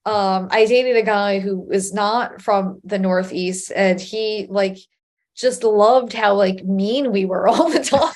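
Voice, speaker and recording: A woman comedian and comedy writer from Long Island, chatting casually in an interview, quick with sarcastic asides and frequent laughter. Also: medium pitch, a little mellow. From Long Island, New York.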